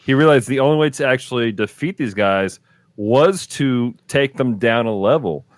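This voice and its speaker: A man co-hosting a movie podcast, explaining his view in measured casual chat. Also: medium pitch, dry recording. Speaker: podcast co-host.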